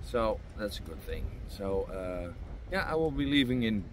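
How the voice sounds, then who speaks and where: Man, casual boat vlog, low pitch, rambling with fillers, faint outdoor background. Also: sing-song, moderate pace, noisy background. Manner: rambling, many fillers and restarts. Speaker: boat-owner vlogger. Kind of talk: casual vlog talk to camera.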